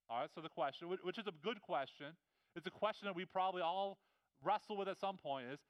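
A man with a high, clear voice delivers a conversational sermon, stumbling over his words and repeating himself as he builds his points. The recording is dry and close. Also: fast, no echo, poor audio. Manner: conversational and animated, frequent repetitions and restarts. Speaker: pastor.

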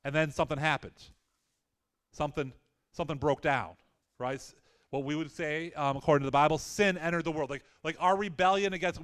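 A man's voice: a little high, a bit bright. A middle-aged man preaching a conversational sermon, often repeating words and asking the congregation questions. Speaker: pastor.

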